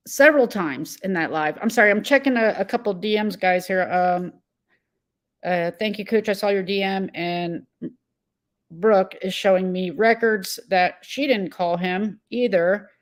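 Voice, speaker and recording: A woman hosting a casual live-stream commentary, agitated and blunt, reading chat messages and answering viewers by name. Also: medium pitch. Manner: rambling with fillers and self-corrections.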